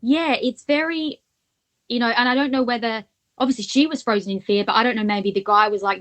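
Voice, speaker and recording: A woman's voice: on the high side, fairly quick, fairly bright tone. A woman co-hosting a podcast, retelling a case at length in casual chat and thinking aloud as she goes. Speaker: podcast co-host. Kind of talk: casual true-crime chat.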